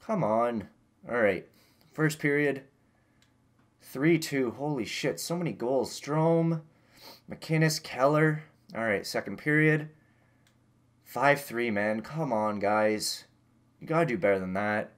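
A young man casually commentating his own video game season, getting loud when excited and muttering when disappointed. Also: medium pitch, slow pace, long pauses. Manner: excitable, swings between yelling and muttering. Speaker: gaming YouTuber.

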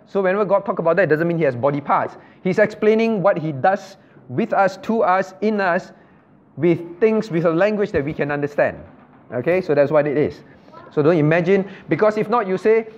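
A male pastor leads an interactive Bible study, repeating his points and putting questions to the class in loose, non-native grammar. The room recording is dull and low-fidelity, with faint background noise.

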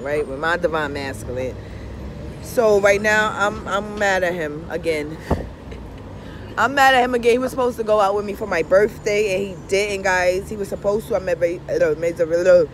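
A woman vlogger talks straight to her viewers in a loud, swear-heavy rant that keeps circling back to "you understand?". Car traffic and street noise run clearly behind her voice outdoors. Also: mid-range voice. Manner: animated, profane ranting with frequent "you understand?". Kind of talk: casual monologue to viewers.

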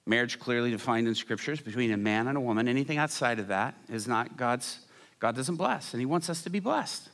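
A middle-aged man preaches with animated storytelling, acting out the people he talks about. His voice is bright and forceful. It carries a long reverb from the church hall. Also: mid-range voice, fairly quick. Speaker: pastor. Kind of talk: sermon storytelling.

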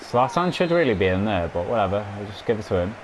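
Excitable young man gaming. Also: fairly low pitch, quick pace, slight background noise. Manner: excitable, swears, addresses viewers as boys. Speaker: gaming commentator. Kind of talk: casual gameplay commentary.

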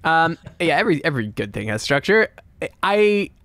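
A man's voice: a little high, very animated, moderate pace, a bit bright, no room sound. A man co-hosting a casual podcast, joking and trailing off mid-sentence. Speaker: podcast co-host.

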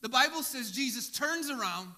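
A male pastor preaching an impassioned sermon, dropping to a hush and rising to shouts. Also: very high-pitched, animated, normal speed. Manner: impassioned, swinging from hushed to shouting.

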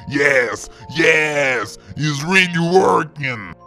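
A man voicing a gleeful scheming male villain in a fan-made game video, speaking slowly and theatrically with cackles. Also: mid-range voice, sharp tone.

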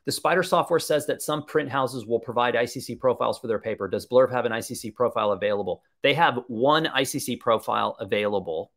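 A man's voice: medium pitch, fast, hardly any pauses, a bit bright. A man with a mid-range voice presents a live webinar. He talks in an enthusiastic, conversational way, answering viewer questions as he goes. He thinks aloud, with the odd filler.

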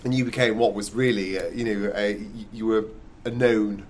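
A man hosts a podcast interview, asking questions in a halting, hesitant way and stopping often on ums. His voice sits fairly low. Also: steady tone, slight background noise.

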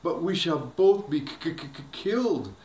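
A man voicing a frightened, spoiled young noblewoman who whimpers and squeaks as he reads a storybook aloud. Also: moderate pace, lightly acted. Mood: whimpering. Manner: squeaky and whiny. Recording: echoey room, faint background hiss.

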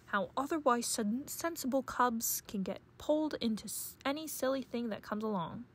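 A woman's voice: a little high, expressive, normal speed. A woman reading a bewildered, fussy bear dad. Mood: wry. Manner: wry, fussy, clears throat. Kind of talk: children's read-aloud.

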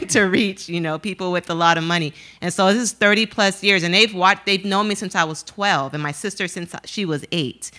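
Woman, church testimony, earnest, low-ish voice, bright tone. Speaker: church member sharing a testimony. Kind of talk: personal testimony.

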